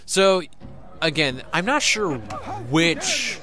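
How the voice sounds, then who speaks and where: A man's voice: fairly high pitch, huge pitch swings, extremely slow, music in the background. A man giving loose, sarcastic gameplay commentary with frequent swearing. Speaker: let's play gamer.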